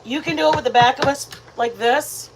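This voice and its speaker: Woman, home cooking livestream host, rambling chatty delivery, slightly high voice, faint background noise. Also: fairly quick. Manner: chatty, rambling, addresses viewers as "you guys". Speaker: host of a live cooking stream. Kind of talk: casual live-stream chat while cooking. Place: home kitchen.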